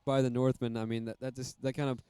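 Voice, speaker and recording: A man calling a high school football game, casual and rambling, with many fillers. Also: flat delivery, quick pace, mellow, clean tone, no room sound. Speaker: play-by-play commentator.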